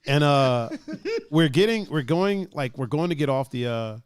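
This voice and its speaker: Man from Ohio, casual stream banter, laughs a lot, swears freely, very lively pitch. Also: moderate pace, noisy background. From Ohio, USA. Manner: laughs often, swears casually, repeats himself. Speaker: stream co-host.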